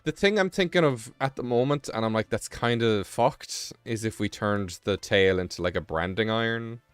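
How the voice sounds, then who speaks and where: A man's voice: on the low side, brisk, clear, resonant tone, dry recording. A man hosting a live stream, reading text aloud in a rambling, offhand way and breaking off for casual asides. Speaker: livestream host.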